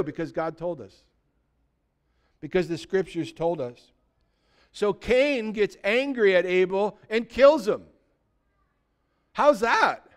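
Pastor guy preaching, high clear voice, chatty, asks the crowd lots of questions. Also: a little slow, pauses often. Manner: conversational, full of rhetorical questions. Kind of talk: sermon.

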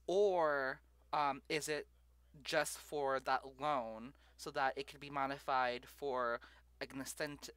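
A man's voice: medium pitch, pushed and bright, no echo. A man hosting a live stream, thinking aloud with lots of fillers and asking his viewers questions. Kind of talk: casual live stream chat.

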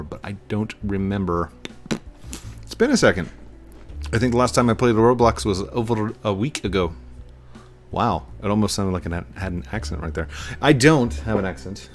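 A man's voice: lowish voice, moderate pace. Chatty man with a Missouri twang. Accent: rural Missouri twang. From Missouri, USA. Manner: rambling, chatty, self-mocking, chuckles often. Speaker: gaming channel host. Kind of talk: casual gameplay commentary. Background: faint game music.

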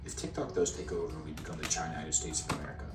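A man doing a comedic interview, asking absurd questions in a deadpan, mock-earnest way. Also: rumbling low, rapid-fire. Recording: roomy clip audio from a distance, music.

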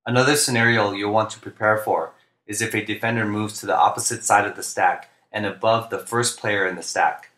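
A man, a basketball coach, narrating instructional plays in a flat, deliberate monotone, speaking clearly. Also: fairly low pitch, reverberant. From United States. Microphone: home recording for narration.

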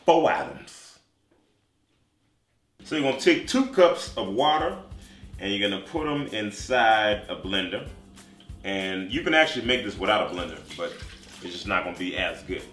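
A young man hosting a comedic cooking show, talking in a playful, energetic way. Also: fairly low pitch, normal speed, pauses often. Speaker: comedian host. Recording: echoey room, light music.

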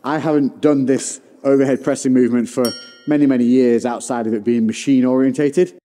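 A man's voice: medium pitch, fairly even intonation, a little fast, mellow, in a large hall. A man presenting a gym video, chatting as he describes his own pressing. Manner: chatty, self-narrating. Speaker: fitness presenter. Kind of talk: casual gym vlog talk.

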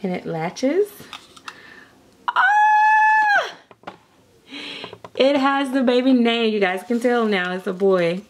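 A woman chatting excitedly and nervously through an unboxing vlog, with frequent giggles and gasps. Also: a little high, moderate pace, hardly any pauses, noisy background. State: nervous and jittery. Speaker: vlogger.

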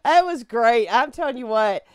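A woman's voice: a little high, lively intonation, moderate pace, smooth, no room sound, studio quality. A woman co-hosting a casual talk show, exclaiming and laughing about a stream. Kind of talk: casual chat reacting to a stream.

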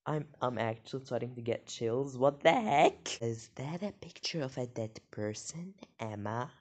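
A woman reads a chat story aloud and breaks off with jokey, excitable remarks. Her voice is husky and very deep, and she talks at an unhurried pace. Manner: excitable, jokey, reacts with gasps and laughs. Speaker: story reader. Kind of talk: reading a text story aloud with commentary.

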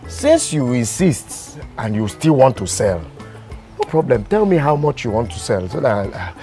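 An actor playing a confident, successful village farmer who talks business in a jovial way. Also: male voice, mid-range voice, huge pitch swings, normal speed, warm tone, soft background music. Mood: businesslike. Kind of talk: Nollywood film acting.

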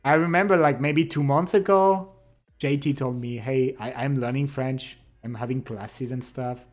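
A man's voice: medium pitch, moderate pace, faint music behind. A young adult man livestreaming, chatting casually with his viewers, reading their messages aloud and teasing them playfully.

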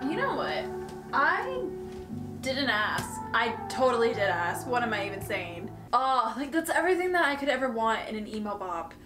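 Woman, music reaction host, casual commentary, swears freely, laughs a lot, somewhat high voice. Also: lively intonation, fairly quick, few pauses, echoey room. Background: faint music playing.

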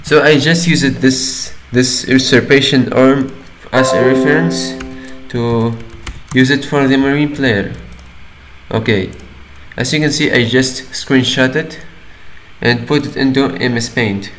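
A man talks through a software tutorial at an easy, unhurried pace, his pitch sitting in a middling range. He explains each step plainly and drops an "okay" between steps. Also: fairly even intonation, soft background music, low-quality recording. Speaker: tutorial maker. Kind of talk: screen-recording tutorial voice-over.

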